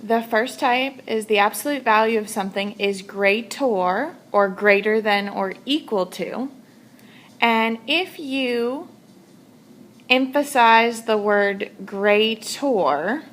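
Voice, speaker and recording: A woman's voice: fairly high pitch, slow pace, a bit bright. A woman teaching a recorded math lesson, stressing key words as she works through examples.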